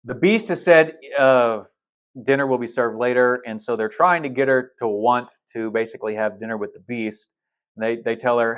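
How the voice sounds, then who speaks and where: A man's voice: medium pitch, normal speed, fairly bright tone, clear, resonant tone. Guy pastor talking through a movie scene, chatty, kinda blunt, mid voice. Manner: casual, storytelling, retelling film scenes with restarts; blunt asides. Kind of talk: sermon.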